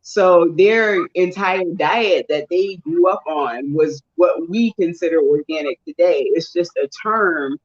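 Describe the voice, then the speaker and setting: A man co-hosting a podcast, introducing a topic in measured, explanatory talk. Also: on the high side, lo-fi sound. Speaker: podcast co-host. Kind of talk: casual discussion.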